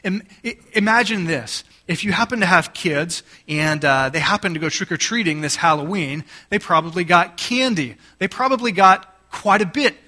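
A man's voice: high-pitched, normal speed, hardly any pauses, pushed and bright. A man preaching a sermon to a congregation, explaining scripture and using plain everyday examples as a parent. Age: adult parent. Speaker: pastor.

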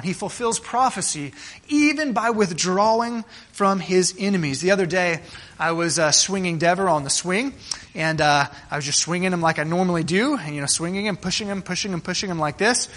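A male pastor with a high, forceful voice preaches in a chatty, conversational manner. He checks in with listeners through rhetorical questions and often trips over and repeats his words before pressing on. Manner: stumbling restarts and repeated words. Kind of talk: sermon.

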